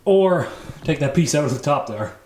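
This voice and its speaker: A Canadian man vlogs casually from his home garage workshop while building a drag lawnmower, narrating in an offhand, joking way with the occasional swear. His voice is a little high, expressive and darkish, at a normal speed. The garage is echoey, with faint noise.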